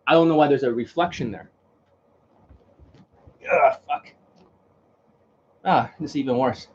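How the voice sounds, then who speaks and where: A man's voice: mid-range voice, measured pace, darkish tone, lo-fi sound, slight background noise. A man talking casually to camera as a dating coach, blunt and repetitive, lecturing in a home video. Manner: blunt, repetitive, lecturing, swears under his breath.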